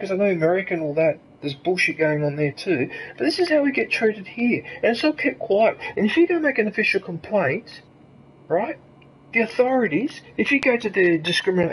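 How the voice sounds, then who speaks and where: In a rough recording with a little hiss or hum, a high-pitched Australian man streams a game. His commentary is an angry, profane rant filled with swearing and rhetorical questions.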